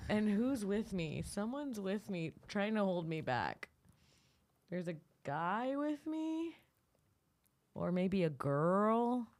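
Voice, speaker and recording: A young adult woman comedian telling a heated, foul-mouthed story on a podcast, often laughing. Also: mid-range voice. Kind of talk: animated storytelling. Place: podcast studio.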